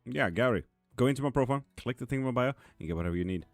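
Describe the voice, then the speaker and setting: A Swedish man hosts a live tarot stream through a streaming mic, answering viewers by name in a casual, blunt way as he reads their comments. His voice is medium-pitched with lively intonation, and he talks rapid-fire. There's no echo, just faint music in the background.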